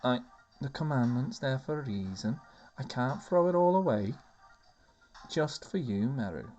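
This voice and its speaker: A man's voice: mid-range voice, animated, unhurried, darkish tone, muffled recording, faint music behind, close to an everyday voice. A man voicing an earnest, lovesick young male winged elf in a put-on Scouse accent, pleading and emphatic. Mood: gloomy.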